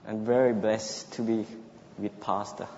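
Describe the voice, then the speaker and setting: A man from Thailand with a Thai accent, giving a personal testimony in halting, simple phrases with short repeated sentences. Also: lowish voice, little pitch movement, a little mellow. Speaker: church member giving testimony. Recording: echoey hall, dull lo-fi sound, faint background noise.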